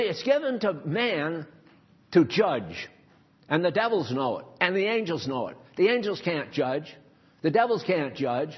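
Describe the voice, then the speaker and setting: A man's voice: high-pitched, slightly rough. A man preaching a sermon to a congregation, exhorting listeners in an emphatic, stern manner with casual asides. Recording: dull lo-fi recording.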